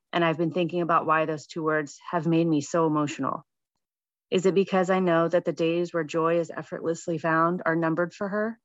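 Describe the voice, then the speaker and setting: A woman gently reading her own reflective personal essay. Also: fairly low pitch, no echo, lo-fi sound.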